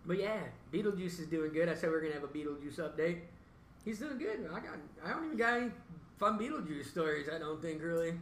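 A man's voice: a little high, expressive, fast, a bit bright. Laughing, swearing man in an echoey room. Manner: laughs often, swears freely. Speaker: podcast co-host. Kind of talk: casual chat. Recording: echoey room, mic at a distance, faint noise.

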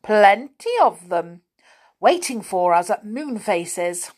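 A woman voicing a deaf, cheerful little man covered in clanking saucepans, who speaks loudly and mishears everything. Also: expressive, takes it slowly. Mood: cheerful confusion. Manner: loud, high, mishears everything.

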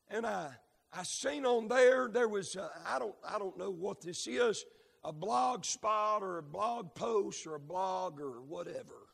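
A man preaching a fervent sermon, breaking into shouts and dropping frequent amens. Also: high-pitched, gravelly, breathy edge, in a large hall.

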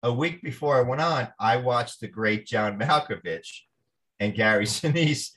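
Animated New man telling stories. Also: mid-range voice, a little slow. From New Jersey. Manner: animated storyteller, acts out quoted voices. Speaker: actor guest. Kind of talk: storytelling interview.

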